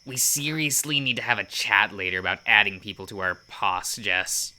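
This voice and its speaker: A man's voice: lowish voice, moderate pace, sharp tone. A man voicing a surly, protective male biker who talks curtly and grumbles. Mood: hostile. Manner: curt and grumbling.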